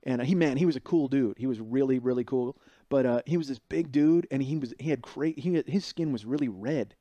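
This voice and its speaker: A man's voice: medium pitch, a little fast, warm tone, dry recording. A man in his forties, a podcast host, rambling through profane stories with many restarts and laughs. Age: 40s. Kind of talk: casual storytelling monologue.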